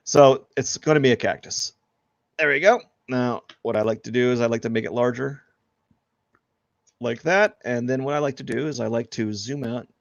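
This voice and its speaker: A man's voice: medium pitch, normal speed, gravelly, dry recording, muffled recording. A man chatting casually and joking about himself while he draws on a live stream. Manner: rambling, self-deprecating, joking. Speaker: artist streaming live drawing.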